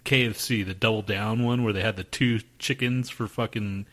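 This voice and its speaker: A man's voice: lowish voice, steady tone, moderate pace, fairly bright tone. A man co-hosting a podcast, rambling in crude casual chat with frequent profanity and restarts. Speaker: podcast co-host.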